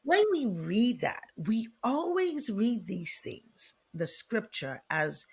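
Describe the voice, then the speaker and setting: A woman speaks as a guest in a podcast interview, with a gravelly, husky edge to her voice. Her delivery is animated and preacher-like. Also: mid-range voice, slow pace. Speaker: guest, feminine leadership coach.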